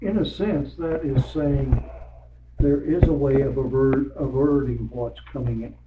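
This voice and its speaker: A man in a casual Bible study discussion, adding measured scriptural comments. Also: mid-range voice. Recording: tinny distant phone line, roomy, faint hiss.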